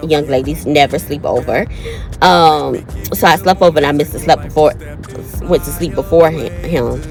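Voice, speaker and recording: A woman in her thirties talks in a low voice, slightly under the weather with a cold. She chats casually and directly to her viewers, calling them y'all and honey. Faint music plays underneath. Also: moderate pace, a little mellow. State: has a cold. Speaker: vlogger. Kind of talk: casual storytime chat.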